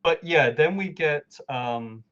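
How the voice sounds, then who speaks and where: A man's voice: on the high side, lively intonation, slow, fairly bright tone, dull audio. A man co-hosting a casual gaming podcast, recapping story scenes in an easygoing, agreeable way and laughing along readily. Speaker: podcast co-host. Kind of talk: casual game walkthrough chat.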